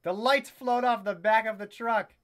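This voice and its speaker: A young adult commenting on a video game in a comedic let's-play style, with loud, excitable exclamations, frequent swearing and sarcastic asides. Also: medium pitch, normal speed. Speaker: gameplay commentator.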